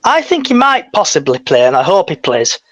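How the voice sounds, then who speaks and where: A chatty man co-hosts a football fan chat. His voice sits fairly high, and he talks loosely and keeps asking his co-host questions. The sound is dry and close, with no room echo. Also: sing-song, brisk, fairly bright tone. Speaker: podcast co-host.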